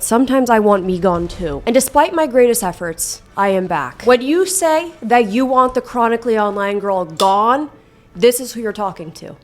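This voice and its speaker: A woman in her late twenties giving a comedic, self-deprecating commentary about internet culture, animated and sarcastic. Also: medium pitch. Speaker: commentary YouTuber.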